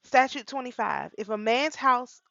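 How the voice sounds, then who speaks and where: A woman's voice: a little high, moderate pace, vocal fry, bright, forceful tone, no room sound. A woman, reading statutes aloud and breaking off into emotional asides. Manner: reads statutes then reacts with emotional asides. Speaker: reader and commentator. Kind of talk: reading a law code aloud with commentary. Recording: dry, dull lo-fi sound.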